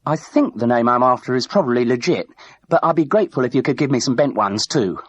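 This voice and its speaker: A man voicing a composed older widowed woman who speaks in a measured, polite and quietly firm way. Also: medium pitch, lively intonation, husky, dry recording, voice pushed up.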